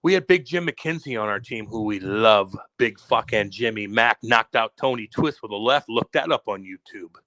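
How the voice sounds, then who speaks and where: This co-host's voice is on the low side, moving at normal speed with few pauses and no echo. He relates a rowdy story in loose, profane podcast chat, voicing the quotes with animation.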